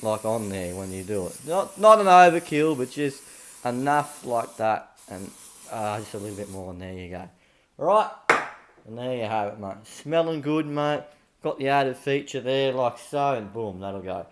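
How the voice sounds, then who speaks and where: A man's voice: medium pitch, animated, normal speed, a little hiss or hum. A man with an Australian accent hosting a joke how-to video in a chatty, blokey manner, full of "mate" and "right?". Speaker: comedy channel host. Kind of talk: deadpan mock tutorial.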